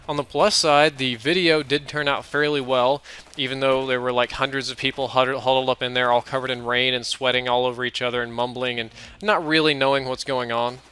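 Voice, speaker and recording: A man's voice: medium pitch, steady tone, quick pace, pushed and bright, smooth. A young man from the American South telling a rambling, self-mocking story over gameplay in a casual commentary. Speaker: gaming commentator.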